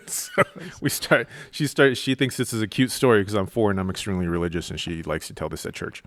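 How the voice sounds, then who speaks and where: A man from Colorado, a guest comedian, telling an animated, self-mocking story on a podcast. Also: fairly low pitch, brisk, dry recording, studio quality. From Colorado, USA.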